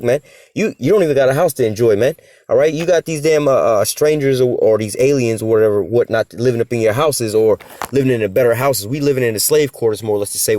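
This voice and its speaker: A man in his middle pitch who preaches at a quick clip, reading scripture and then breaking it down in loose street talk. He is blunt, swears in passing, and keeps tagging his points with "man" and "whatever, whatnot." His voice sounds dry and close, with no room around it. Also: darkish tone, no room sound. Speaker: preacher of a religious group. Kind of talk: informal scripture teaching.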